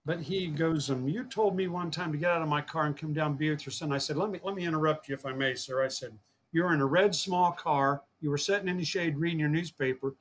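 A man's voice: a little high, fast, slight background noise. A man telling a long personal story in an interview, earnest, repeating words and acting out the dialogue he quotes. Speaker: guest, fishing program founder.

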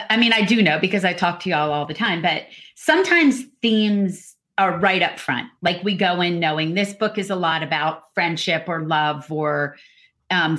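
A woman's voice: on the low side, a bit bright. A woman, an author talking through her book thoughtfully on a podcast. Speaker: author and co-host. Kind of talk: casual podcast chat.

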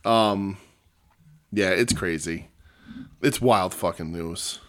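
A man's voice: deep voice, slow, a bit bright. A man co-hosting a wrestling podcast, chatting casually in a profane, rambling way and slipping into jokey impressions. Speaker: podcast co-host. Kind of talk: casual chat.

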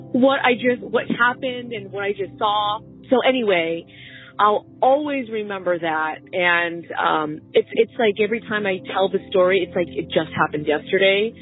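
A woman listener telling a personal story in an earnest, halting, heartfelt way. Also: mid-range voice. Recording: tinny phone line.

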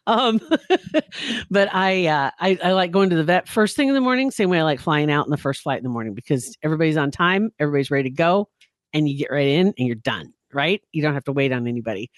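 A man co-hosts a casual podcast, telling stories with plenty of life. His pitch swings widely as he acts out scenes. The sound is dry and close, with no room in it. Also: quick pace, no room sound. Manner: animated storyteller, acts out screams. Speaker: podcast co-host. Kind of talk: casual chat.

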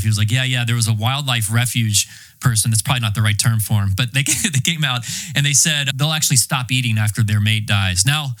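A young man from North Carolina hosts a casual golf podcast. His voice is bright and forward, and he tells stories with animated, excitable energy. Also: medium pitch, a little fast. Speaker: podcast host. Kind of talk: casual storytelling.

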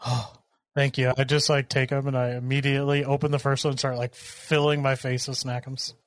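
A man's voice: medium pitch, little pitch movement, brisk, dry recording, clean studio sound. A man playing in a tabletop game, speaking in a sleepy, sighing, whiny way. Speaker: player voicing Rubo. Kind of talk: tabletop role-play.

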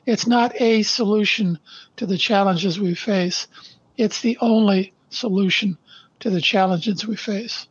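An older man from Canada, a podcast guest who speaks slowly and deliberately, stressing his points and then reading his life story aloud. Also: high voice, fairly even intonation, slightly rough, no echo, dull audio. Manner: slow, deliberate and emphatic.

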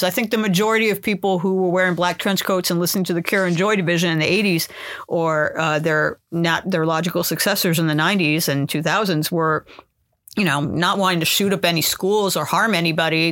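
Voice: medium pitch, fairly quick, fairly bright tone, no echo. A podcast host in casual conversation, rambling thoughtfully with filler words and self-corrections. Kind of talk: casual podcast conversation about music subculture.

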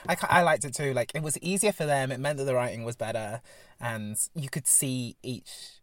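A man from England co-hosting a podcast, chatting casually with lots of laughter and sudden jumps in pitch. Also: moderate pace, dry recording. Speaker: podcast co-host. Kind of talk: casual chat.

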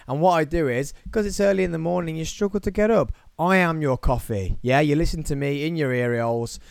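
A man's voice: a little high, brisk, creaky, smooth, dry recording. Upbeat man with a Birmingham accent. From England. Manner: energetic, playful, jokey asides. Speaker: podcast host. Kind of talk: solo podcast chat.

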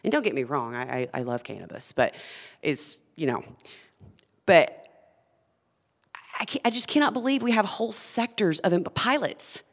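A woman's voice: on the low side, animated, normal speed, vocal fry, pauses often, long reverb tail. A woman who founded a food company, talking earnestly and with passion as a guest in a conversational interview.

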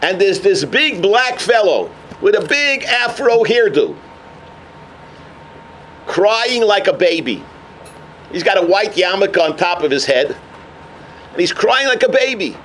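A man giving a sermon as a rabbi, telling a story with animated energy. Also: sits high, unhurried, long pauses, a little hiss or hum. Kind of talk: sermon on the weekly portion.

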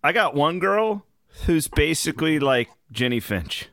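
A man hosting his podcast in casual chat, hoarse from travel, telling loose, rambling stories with the odd swear. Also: on the high side, very animated, measured pace, a bit bright, no room sound, studio quality. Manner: loose, rambling, profane storytelling. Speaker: podcast host.

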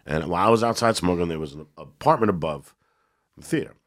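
A man's voice: sits low, fast talker. A man, a guest comedian, telling stories in a casual podcast chat, stammering and restarting as he goes. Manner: animated storyteller, stammers and restarts.

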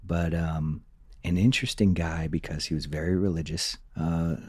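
A low-voiced man with a husky edge talks through his days as an intelligence officer. He is candid and profane, and he often acts out what the others said. The sound is close and dry, with no room around it. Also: steady tone, normal speed, darkish tone, dry recording. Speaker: former intelligence officer guest. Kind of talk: candid storytelling interview.

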